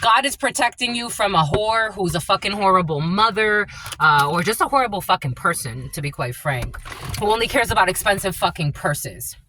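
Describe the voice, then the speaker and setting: A woman's voice: mid-range voice, expressive, moderate pace, sharp tone, slight background noise. A woman giving a tarot reading as a channeler, blunt and profane, laughing often.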